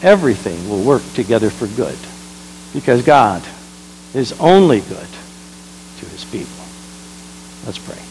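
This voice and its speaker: A man, a pastor, preaching a sermon, jumping between loud exclamations and quiet asides and leading the congregation in repeating lines. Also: medium pitch, big pitch swings, measured pace, long pauses, a little hiss or hum, low-quality recording. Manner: leads the congregation in call-and-response.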